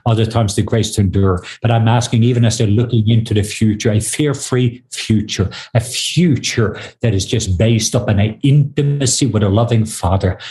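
Man from Norway, middle-aged, low mellow voice, slow prayerful drawl. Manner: slow, drawn-out prayerful delivery. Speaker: guest minister. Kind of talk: spoken prayer.

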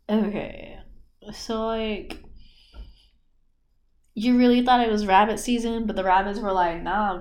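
A young woman hosting a podcast, rambling in a laid-back, slangy way with lots of fillers. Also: medium pitch. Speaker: podcast host. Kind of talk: casual rambling monologue.

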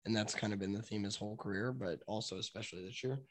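A man's voice: lowish voice, fast. A man co-hosting a casual sports podcast, giving opinionated takes on games and stats in a loose, chatty way. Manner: chatty, opinionated, loses his train of thought. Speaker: podcast co-host. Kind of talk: casual sports betting chat.

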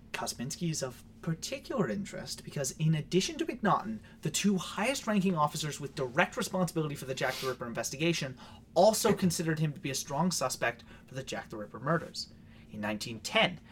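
A man co-hosting a casual podcast, reading notes aloud and bursting into loud profane outbursts. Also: a little high, a little hiss or hum. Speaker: podcast co-host.

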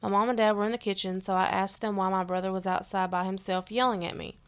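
A woman co-hosting a podcast, reading listener stories aloud in a steady, earnest way between bits of casual chat. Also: medium pitch, quick pace, clean tone.

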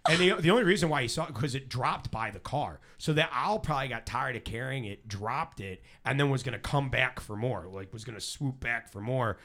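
A man recounts an odd news story to his co-hosts with a bright voice. His pitch swings a lot as he laughs along with the table. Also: brisk, hardly any pauses. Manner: animated storyteller, laughs often. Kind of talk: casual chat, retelling a news story.

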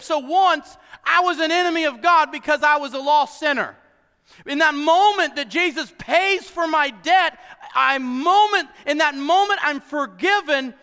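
A male pastor preaching a sermon, swinging from shouted emphasis to quiet low asides and joking with the congregation. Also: big-room sound. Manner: emphatic preaching, bursts into shouts then drops low and soft. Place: church hall with congregation.

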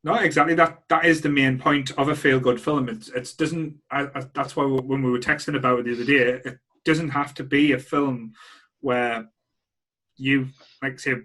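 A man co-hosting a relaxed podcast chat, with a voice pitched at an ordinary middle level. He speaks in a measured way, often circling back and repeating words as he finds his point. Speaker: podcast co-host. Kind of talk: casual chat.

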